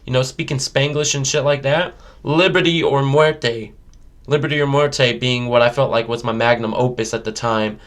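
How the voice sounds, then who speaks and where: Give me a profane, emphatic man talking about his music in a relaxed interview, at a middle pitch. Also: fairly quick, hardly any pauses. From United States. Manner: profane, emphatic, many "you know" fillers. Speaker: rapper, interview guest. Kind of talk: casual interview talk.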